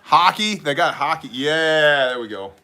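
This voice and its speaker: Man, livestream host, casual joking chat, laughs often, bright sound. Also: a little high, expressive, a little slow. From Wisconsin. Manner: joking, laughs often, mock Canadian voices.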